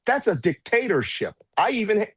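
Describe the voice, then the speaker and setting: A man's voice: high-pitched, very animated, moderate pace, a bit bright, breathy edge, dry recording. A man speaking as a political commentator guest in an interview, blunt and sarcastic, with mocking asides. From United States. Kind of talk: heated political interview talk.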